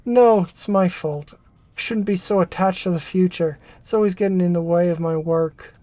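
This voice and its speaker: A performer reading a narrative game aloud, voicing an excitable former research assistant who rambles and restarts mid-thought. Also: medium pitch, normal speed, dry recording, close to an everyday voice. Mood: chatty. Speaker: game character voice.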